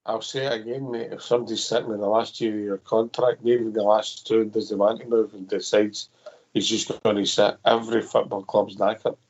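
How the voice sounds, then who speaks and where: A man's voice: fairly low pitch, flat delivery, a little fast, a little mellow, breathy edge. A Scottish man hosting a football phone-in radio show, easygoing and friendly, thanking callers and crew. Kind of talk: casual football phone-in chat. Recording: dull lo-fi audio.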